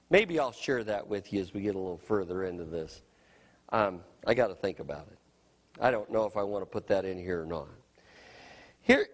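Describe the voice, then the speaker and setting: A middle-aged male pastor preaching a sermon with emphasis, often asking "you know what?" and swinging between loud high phrases and soft low ones. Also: husky, long reverb tail.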